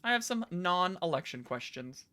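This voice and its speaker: A man's voice: sits high, very animated, moderate pace, pushed and bright, smooth. A man streaming a live game playthrough, talking casually and wryly while thinking aloud.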